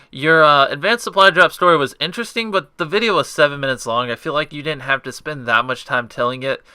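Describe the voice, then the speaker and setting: A young man hosting and judging a video contest in a loose, unscripted way, full of ums and self-corrections. His voice is sharp and very bright, crisp and clean. The sound is dry and close with no room around it. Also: mid-range voice, no echo. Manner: rambling with frequent ums and restarts. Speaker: contest host judging entries. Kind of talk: casual unscripted judging commentary.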